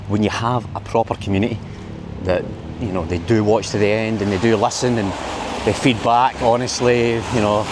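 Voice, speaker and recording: A man's voice: fairly low pitch, background noise. A man from Scotland with a Glaswegian accent, chatting and rambling as he walks the city streets at night for his vlog. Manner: chatty, rambling, laughs at own jokes. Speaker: vlogger. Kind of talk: casual walking vlog.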